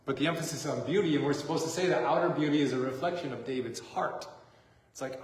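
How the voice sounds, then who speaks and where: A man's voice: fairly high pitch, quick pace. A man preaching a sermon as a pastor, in a casual, joking, conversational way, recorded in a church sanctuary. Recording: echoey church hall.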